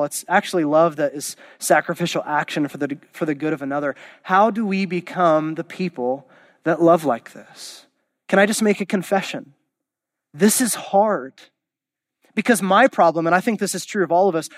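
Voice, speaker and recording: Emphatic high-voiced preacher. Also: male voice, dry recording. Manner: passionate, emphatic, rising to exclamations. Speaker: pastor. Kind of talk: sermon. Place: church auditorium.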